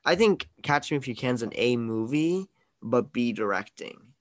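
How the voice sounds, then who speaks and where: A man's voice: mid-range voice, expressive, moderate pace. A man hosting a casual movie-review podcast over an online call, opinionated and teasing, with mock exasperation. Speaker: podcast host.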